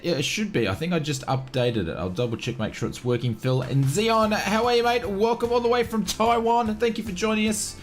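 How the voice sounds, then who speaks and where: An Australian man streaming a flight simulator live, chatting casually and greeting viewers by name one after another. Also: high voice.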